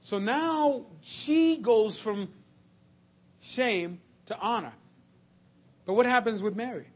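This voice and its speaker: A man preaching a sermon, swinging between loud, emphatic lists and hushed, slow passages. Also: extremely high pitch.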